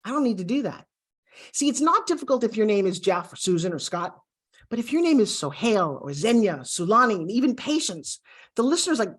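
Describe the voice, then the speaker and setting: A woman from the United States teaching an online lesson straight to the viewer, lively and coaching, often acting out little exchanges. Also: mid-range voice, a little fast, breathy edge. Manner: animated, acts out little quoted exchanges. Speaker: course instructor. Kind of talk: direct-to-camera online lesson.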